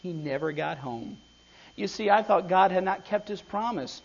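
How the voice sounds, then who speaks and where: A man preaching voices a sobbing widow in her fifties with a tearful, halting delivery. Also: on the low side, lively intonation, creaky, slightly rough, full character voice. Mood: grieving. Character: grieving middle-aged widow, sobbing. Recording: dull lo-fi recording.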